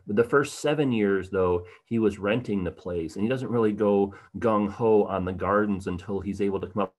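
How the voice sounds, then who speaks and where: Chatty man giving a low-voiced art talk. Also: moderate pace. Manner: casual, conversational, animated at times, many fillers. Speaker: tour guide presenting an online program. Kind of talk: livestreamed art history talk.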